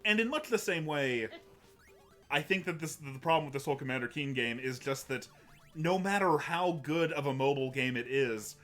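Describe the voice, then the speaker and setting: A man's voice: a little high, expressive, normal speed, fairly bright tone, soft background music. A man hosting a casual livestream, talking in a rambling way with many restarts and fillers. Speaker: host.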